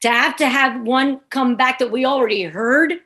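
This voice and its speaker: A woman comedian guest telling a lively anecdote in a podcast interview, acting out the people she quotes. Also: sits high, normal speed. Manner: animated, acts out quoted voices.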